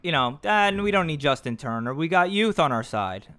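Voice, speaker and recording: A man co-hosting a podcast, trading baseball quiz clues in casual, animated chat and swearing freely. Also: a little high, dry recording. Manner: animated, swears, quick asides. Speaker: podcast co-host.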